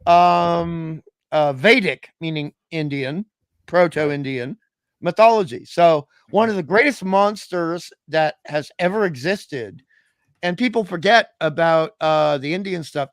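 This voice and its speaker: A man from Australia co-hosting a casual comedic podcast chat, excitable and jokey, laughing often. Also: fairly high pitch, unhurried, no echo. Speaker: podcast co-host.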